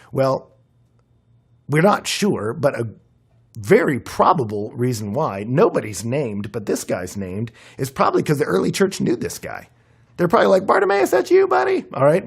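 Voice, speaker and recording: A young man preaching a conversational sermon, his voice worn and hoarse, with frequent fillers and animated emphasis. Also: mid-range voice. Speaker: pastor.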